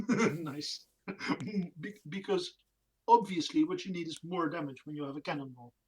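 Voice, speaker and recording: A woman playing a tabletop game, asking playful rules questions in a drawn-out way. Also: low-pitched, a little mellow, a little hiss or hum, low-quality recording. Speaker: player. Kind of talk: casual chat at a tabletop game.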